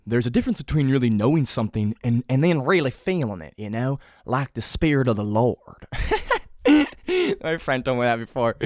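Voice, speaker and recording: A man's voice: medium pitch, no echo. Young guy doing a solo podcast, rambly and sweary, bouncy voice, super dry sound. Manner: rambling, swears casually, mocks his past self in a whiny voice. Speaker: podcast host. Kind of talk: casual solo podcast monologue.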